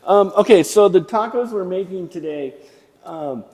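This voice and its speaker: A man's voice: high voice, moderate pace, a little mellow, breathy edge, long reverb tail. A man hosting a casual cooking show, hyped and enthusiastic when introducing his guest. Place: kitchen set.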